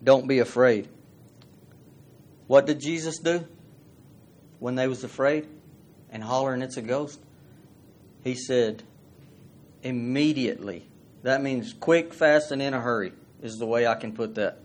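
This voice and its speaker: A man preaching, folksy and conversational. He reads scripture aloud and keeps turning to the congregation with questions. His voice sits at a middle pitch. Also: measured pace, pauses often. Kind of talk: sermon.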